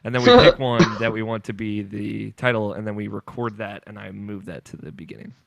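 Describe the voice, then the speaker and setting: A young man hosts a loose group podcast, chatting and laughing between fillers. His voice has a gravelly edge. The sound is dry and close. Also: lowish voice, fairly even intonation, a little fast, no room sound. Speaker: podcast host. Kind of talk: casual group podcast chat.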